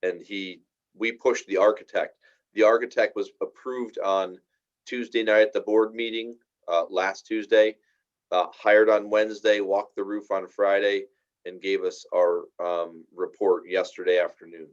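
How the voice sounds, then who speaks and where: A man's voice: fairly low pitch, steady tone, measured pace. A man explaining a school project's timeline to a town finance board, talking at length with many fillers. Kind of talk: public meeting discussion. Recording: dull lo-fi meeting audio.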